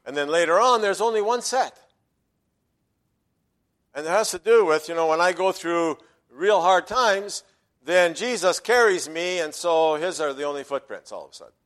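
A man delivering a sermon as pastor, his voice sitting a little high for a man. He preaches emphatically, falling quiet for side remarks and swelling loud when he quotes a verse. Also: moderate pace.

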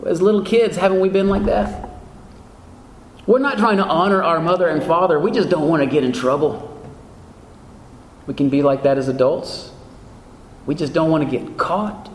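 A man's voice: sits high, measured pace. Man, pastor, preaching, emphatic, echoey church hall, faint room noise. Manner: earnest, rhetorical questions, emphatic rises. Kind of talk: sermon.

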